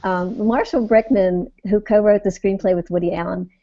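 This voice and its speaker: A woman on a writing panel, talking in an animated, teacherly and playful way. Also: mid-range voice, normal speed, muffled recording. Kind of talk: casual panel talk.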